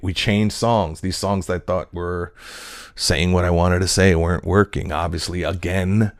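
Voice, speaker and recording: Male comedian-actor, very low voice, dry close sound; rambling, profane, thinking out loud. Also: dry recording. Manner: rambling, loose, profane, full of fillers. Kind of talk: casual reflective monologue.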